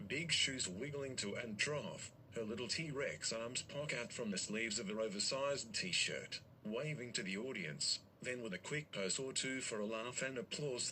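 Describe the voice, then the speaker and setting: A man narrating an improvised story in a rambling, crude and excitable way. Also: medium pitch, slight background noise.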